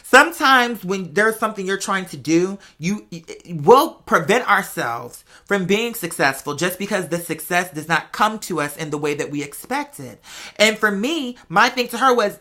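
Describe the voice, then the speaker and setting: Man, bright tone, chatty storytelling, talks straight to listeners. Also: high-pitched, normal speed. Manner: expressive and chatty, addresses listeners as y'all and girl. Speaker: podcast host. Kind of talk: casual personal storytelling to listeners.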